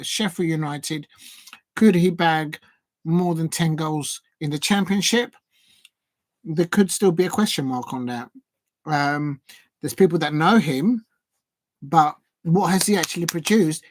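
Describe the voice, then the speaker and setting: A man hosting a live football watch-along, rambling through chat comments with lots of ums and restarts and shouting now and then at the match. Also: a little high, dry recording. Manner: sudden excited shouts at match action.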